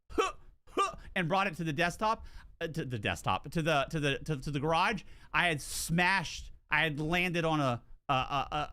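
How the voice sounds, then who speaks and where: A male streamer chats casually while he plays, his voice swinging up and down with lots of life. The tone is bright and a little high. He swears freely and trips over his own words as he talks. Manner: animated, swears, restarts and repeats words. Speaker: game streamer. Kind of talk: casual livestream storytelling.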